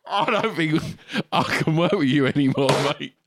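A man's voice: a little high, moderate pace, a little hiss or hum. A man hosting a podcast, joking with blunt, sweary banter. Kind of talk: casual chat.

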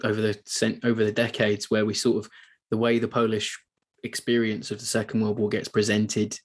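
A man's voice: on the low side, completely flat delivery, a little fast. A man co-hosting a podcast, chatting loosely about a film with frequent restarts and asides. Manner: chatty, rambling with many restarts. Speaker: podcast co-host. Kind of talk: casual film discussion.

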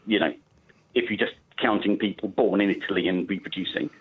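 A man's voice: on the low side, brisk, slightly rough. A male caller on a radio phone-in, chatty and explanatory. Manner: chatty, explanatory, many fillers. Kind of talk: phone-in call. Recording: muffled phone line.

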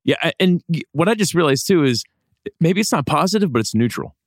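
A man on a podcast thinking aloud, halting and correcting himself as he talks. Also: a little high, lively intonation, dry recording, studio quality. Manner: thoughtful, halting, self-correcting. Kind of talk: casual podcast discussion.

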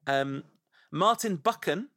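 A man's voice: a little high, lively intonation, slow pace, fairly bright tone, dry recording, clean studio sound. A man hosting a podcast in casual chat, playfully savoring the sound of names as he reads out suggestions. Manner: playful, relishes saying names aloud. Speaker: podcast host.

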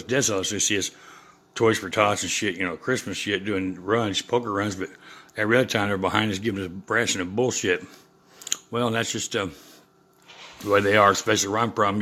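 Older man, low-pitched voice, profane, rambling rant, lots of fillers. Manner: gets loud and heated when quoting himself. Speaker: podcast host. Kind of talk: unscripted rant.

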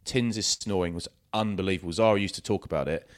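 Man, very low voice, casual podcast chat, rambling storyteller. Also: fast. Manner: rambling anecdotes with many fillers and restarts. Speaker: podcast co-host.

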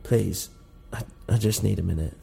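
An actor playing a tense, pale stranger, terse and urgent. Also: male voice, fairly low pitch, normal speed, gravelly, dark tone, slightly rough, faint music behind, full character voice. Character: pale, tense man pleading at a door.

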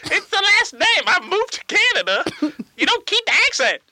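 A man doing Tony Zamboni, a squeaky goofy boy. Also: huge pitch swings, normal speed, very noisy, full character voice. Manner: high, sing-song put-on voice. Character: goofy young male Italian-Canadian Zamboni driver.

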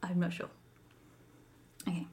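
A woman co-hosting a podcast in casual chat, reading out ghost stories and laughing often. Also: unhurried. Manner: giggly, animated storyteller. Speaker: podcast co-host.

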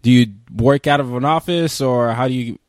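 A man hosting an interview, asking rambling, halting questions full of fillers. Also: mid-range voice, darkish tone, no room sound. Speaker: interview host. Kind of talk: podcast interview.

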